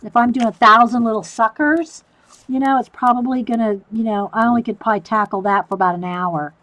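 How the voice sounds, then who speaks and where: A woman's voice: fairly high pitch, steady tone, a little fast, a bit bright, low-quality recording. A woman hosting a live stream, chatting casually through a coloring demo and answering viewer comments.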